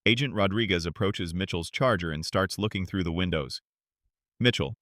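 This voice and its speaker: A man's voice: low-pitched, moderate pace, fairly bright tone, no echo, studio quality. A man giving scripted dramatic narration in a grave, emphatic manner.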